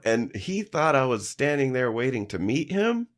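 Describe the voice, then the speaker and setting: A man telling animated, profane backstage tales in casual podcast chat, acting out quotes. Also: mid-range voice, moderate pace. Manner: animated storyteller, swears freely, acts out quotes. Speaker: podcast guest, musician. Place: live-streamed studio.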